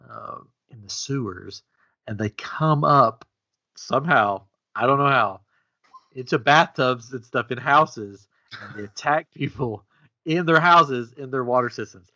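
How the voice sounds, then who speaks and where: Man, podcast co-host, playful, jokey, animated, bright forceful voice, dull lo-fi sound. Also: slow. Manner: animated, jokey storytelling with sudden high-pitched outbursts. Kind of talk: casual playful chat. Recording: dull lo-fi audio.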